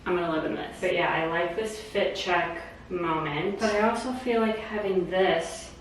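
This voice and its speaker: A woman's voice: on the low side, normal speed, noisy background. An American woman chatting casually as a home decor vlogger, gushing and full of "like" fillers. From United States. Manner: bubbly, gushing, lots of "like" fillers. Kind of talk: casual chatty vlog narration. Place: at home, indoors. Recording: roomy echo at home.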